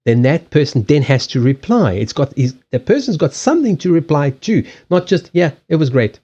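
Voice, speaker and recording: A man hosting a casual livestream chat, blunt and animated, swearing freely and acting out quoted lines. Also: fairly high pitch, brisk, highs cut off. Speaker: livestream host.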